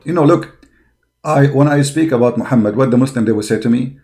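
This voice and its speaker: A religious commentator delivers an impassioned online commentary in non-native English, his mid-range voice fairly quick and mellow. He speaks in a combative, preaching way, full of fillers, and grows heated and mocking as he goes.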